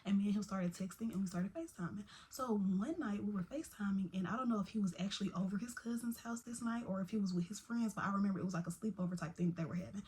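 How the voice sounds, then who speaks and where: Young woman, casual storytime vlogger, lively slangy delivery, slight background hiss. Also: mid-range voice, fast talker, hardly any pauses. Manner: chatty, animated, Southern-tinged slang like "baby" and "y'all".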